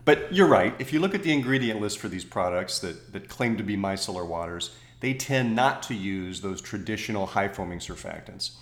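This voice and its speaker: A man with a lowish voice explains skincare ingredients on a podcast, recorded in a noticeably roomy, echoing space. He talks it through thoughtfully, stops to correct himself, and drops in small jokes. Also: expressive, moderate pace, hardly any pauses. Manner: thoughtful, self-correcting, jokey asides. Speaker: podcast co-host. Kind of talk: casual science chat.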